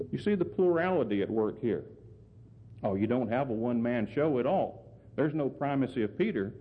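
A man preaching a sermon and explaining scripture, earnest and emphatic, often putting questions to his listeners. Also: mid-range voice. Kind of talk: sermon, Bible exposition. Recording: phone-like sound with long hall reverb.

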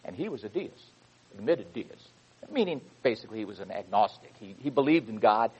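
A man's voice: fairly low pitch, sing-song, brisk, a little mellow, slightly rough, rough recording. A man preaching a sermon from the pulpit, speaking emphatically and reading quotations with rising fervor.

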